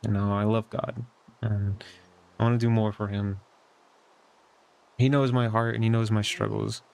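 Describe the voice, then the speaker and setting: A man's voice: fairly low pitch, little pitch movement, normal speed, gravelly, a little mellow. A young man sharing a casual personal update from his bedroom at home, in an earnest, reflective way that rambles with many fillers. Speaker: vlogger.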